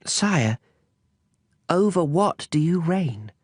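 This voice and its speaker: Casting: man voicing a shy little boy prince for a storybook, raised and soft. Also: a little high, sing-song, slow, husky, dry recording, clean studio sound, voice pushed up, exaggerated voice. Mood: timid. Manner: soft, timid, questioning. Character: small gentle boy prince, curious and timid.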